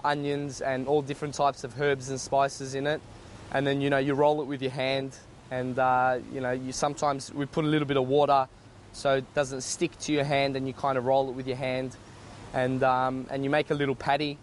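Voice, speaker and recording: A man's voice: mid-range voice, slight background noise. A man chatting casually, hesitant with many fillers. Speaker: neighbour and friend. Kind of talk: casual chat and explanation.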